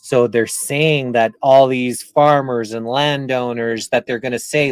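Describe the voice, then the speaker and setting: A man from Canada hosts a casual interview, asking long, rambling questions in a reflective way. His voice sits at a middling pitch and sounds dry and close. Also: steady tone, slow pace, hardly any pauses, a little mellow, clear, resonant tone, no room sound. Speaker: interviewer, channel host.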